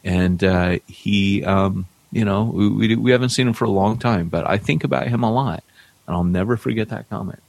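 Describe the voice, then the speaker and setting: A podcast co-host who is also a church planter chats casually, telling stories with real animation and raising his voice high whenever he acts out the people he quotes. His voice is creaky and moves at a normal speed, with no echo.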